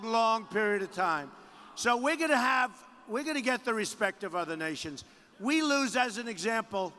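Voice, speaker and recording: A man delivers a boastful, repetitive campaign rally speech, high-pitched and bright-toned, and breaks into shouted bursts. His voice rings through a long arena reverb with faint crowd noise behind. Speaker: political candidate at a rally. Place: large rally venue.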